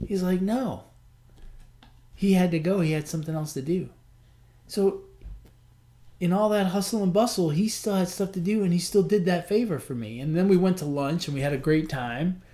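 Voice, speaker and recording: A male podcast host tells a long personal story in a loose, conversational monologue. His voice sits slightly high for a man. He keeps it animated and acts out the back-and-forth of the people in it. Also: fairly quick. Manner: animated, acts out quoted dialogue; chatty, frequent "I'm like" and "he goes".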